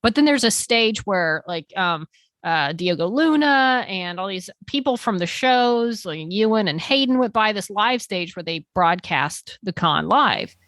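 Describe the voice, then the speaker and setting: A woman's voice: mid-range voice, lively intonation, a little slow, a bit bright, dry recording. A woman chatting casually, telling an enthusiastic story full of fillers like "um" and "like". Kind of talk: casual chat.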